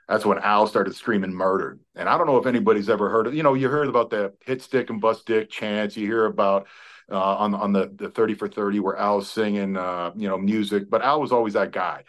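Lower-voiced man telling rambling stories. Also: a bit bright. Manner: rambling storyteller, stumbles and restarts, swears freely. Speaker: guest, former college football player. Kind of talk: casual sports talk.

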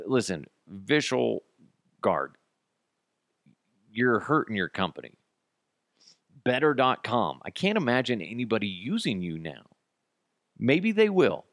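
Podcast guy ranting solo, blunt and sweary, lowish voice, dry sound. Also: no room sound. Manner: blunt, profane, sarcastic. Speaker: podcast host. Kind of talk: solo commentary.

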